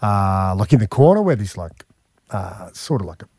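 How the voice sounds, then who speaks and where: A man's voice: lowish voice, normal speed, breathy edge, no echo, studio quality. A man in his forties with an Australian accent, a radio host telling a long personal story in casual chat, full of "mate" and "man" fillers. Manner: animated, emphatic, frequent "man" and "mate" fillers.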